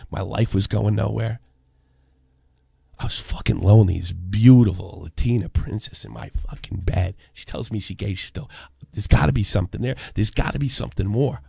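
A man in his forties hosting a podcast, telling a story and ranting with constant swearing, dropping low and then shouting. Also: gravelly, slightly rough, no echo. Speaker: podcast host. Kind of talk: profane commentary rant.

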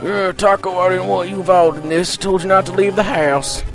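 A man's voice: sits high, steady tone, fairly quick, pitched above the performer's own voice. A man doing a hammy dying uncle. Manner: hammy read-aloud of game text. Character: gruff older uncle, protective, then dying. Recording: game music playing behind.

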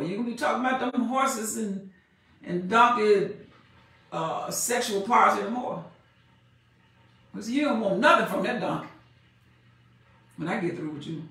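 A woman preaching a sermon. She reads scripture slowly and with emphasis, then explains it in plain everyday speech. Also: mid-range voice, a bit bright. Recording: echoey room, mic far off.

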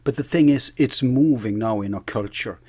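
A man's voice: medium pitch, moderate pace, darkish tone, husky, dry recording. A man as an interview guest, earnestly explaining ideas while searching for his words. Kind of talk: conversational interview.

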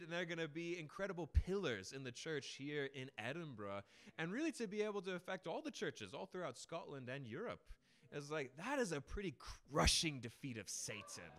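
Animated, bright-voiced male preacher. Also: fairly high pitch. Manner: emphatic, dramatic storytelling with big swings in loudness. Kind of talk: sermon.

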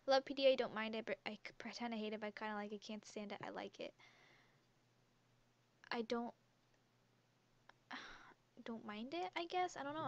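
A teenage girl gaming YouTuber who chats casually and giggles as she reads quiz questions aloud and answers them, talking into a headset mic hung around her neck. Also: a little high. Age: teens. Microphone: headset mic worn around the neck.

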